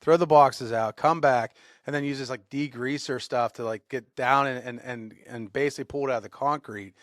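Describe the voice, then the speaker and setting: A man co-hosting a podcast, telling a workplace story in a lively way and acting out the shouting. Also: medium pitch, moderate pace, no echo, clean studio sound. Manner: animated storyteller, acts out shouted quotes. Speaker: podcast co-host. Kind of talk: casual storytelling.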